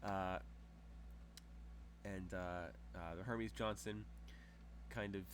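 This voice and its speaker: Low-voiced man running a tabletop game. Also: steady tone, takes it slowly, noisy background. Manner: rambling, filler-heavy descriptions. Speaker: game master.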